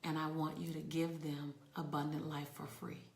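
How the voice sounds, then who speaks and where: Low-voiced woman, livestream host. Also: flat delivery, normal speed, vocal fry, reverberant. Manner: warm, emphatic, drops to soft near-whispers. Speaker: motivational speaker hosting a livestream. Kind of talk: casual livestream talk to viewers. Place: Airbnb rental room.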